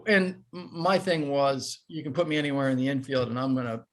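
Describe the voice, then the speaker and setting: A man in his fifties, a former baseball player, telling animated, self-deprecating stories as a podcast guest. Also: medium pitch, fairly quick. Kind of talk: casual storytelling.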